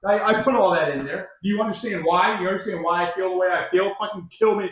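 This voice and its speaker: A man's voice: sits high, fast, roomy sound, muffled recording. A young American man hosting a college football show, ranting with constant swearing and repetition. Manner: swears constantly, repeats lines, swings loud then muttering. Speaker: college football podcast host. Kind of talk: profane ranting sports talk.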